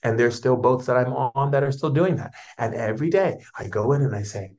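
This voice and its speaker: A man's voice: medium pitch, a little fast, hardly any pauses, a little mellow. A man giving a spiritual talk as a teacher, speaking in flowing, repetitive, soothing phrases.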